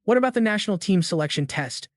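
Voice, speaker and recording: A man's voice: high-pitched, animated, fast talker, dry recording, clean studio sound, voice pushed up. A man reading a laid-back young male hero. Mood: confused.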